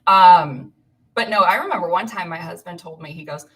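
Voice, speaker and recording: Standing a bit back from the microphone, a woman with a lowish voice speaks at a moderate pace. She's in her thirties, from Illinois, and is covering as host of a relaxed live stream, chatting, rambling and frequently laughing.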